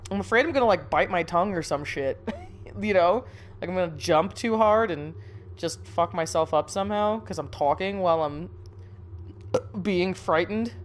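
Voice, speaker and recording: Speaking in a mid-range voice, a young woman streams a horror game and gets startled easily. Nervous chatter, frequent cursing, and laughter through the fear fill her commentary, and she's a touch sniffly from being recently sick with a cold.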